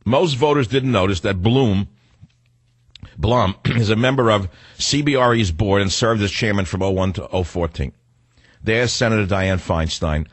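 A man's voice: on the low side, husky, no room sound. An older man hosting a talk radio show, delivering a combative, sarcastic monologue.

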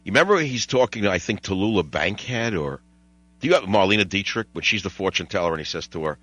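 A man's voice: on the low side, expressive, quick pace, fairly bright tone, lo-fi sound. Wry older man hosting talk radio. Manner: digressive, wry, mimics voices and jokes with callers. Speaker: radio talk show host. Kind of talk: rambling talk radio monologue. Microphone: studio microphone.

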